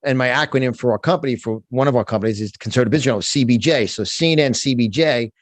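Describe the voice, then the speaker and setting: In a passionate conversational interview, a middle-aged motivational speaker and business coach with a New York accent talks with fiery emphasis and keeps restarting his words. His voice is mid-range, very fast, and dryly recorded.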